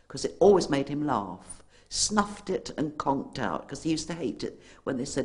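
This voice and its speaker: An older woman giving an interview, reminiscing in a fond, chatty, slightly halting way. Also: extremely low pitch, big pitch swings. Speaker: interviewee, widow.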